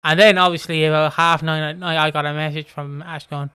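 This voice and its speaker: A man's voice: fairly high pitch, little pitch movement, brisk, bright, forceful tone, smooth, no echo. An Irish man co-hosting a podcast, chatting casually as he recaps episodes and acts out the characters' lines. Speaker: podcast co-host. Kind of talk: casual chat recapping a soap.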